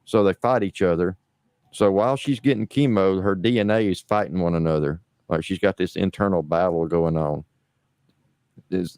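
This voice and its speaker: A man's voice: low voice, darkish tone, no echo, clean studio sound. A middle-aged man from New Orleans, hosting a livestream and riffing in a crude, rambling, sarcastic way. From New Orleans, USA. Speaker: livestream host. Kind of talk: casual mocking livestream commentary.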